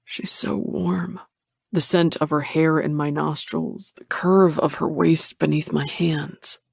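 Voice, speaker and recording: A woman narrating a romance audiobook in a measured, intimate way. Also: low voice, steady tone, vocal fry, a little mellow, husky, no room sound, studio quality.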